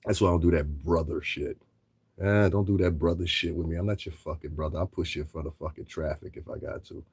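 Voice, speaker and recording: A man's voice: sits low, slightly rough, no echo. A man commentating on a livestream in a blunt, profane, lecturing rant.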